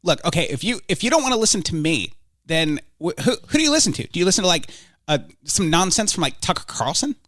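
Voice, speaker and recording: A man's voice: high voice, sing-song, quick pace, fairly bright tone, no echo. A man doing a comedic impression of a combative male political pundit, stammering and lecturing indignantly.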